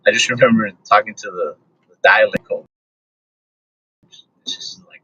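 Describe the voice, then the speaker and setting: A man in casual podcast chat, talking in a laid-back, monotone way with lots of fillers. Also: lowish voice, moderate pace, slight background noise. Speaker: comedian, podcast guest. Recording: dull lo-fi recording.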